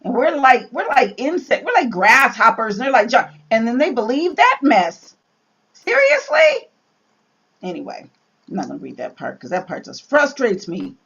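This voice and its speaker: A woman leading a casual Bible study, reading scripture aloud and riffing on it in an animated way, with sudden exclamations. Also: a little high, moderate pace, vocal fry, hardly any pauses, breathy edge, muffled recording.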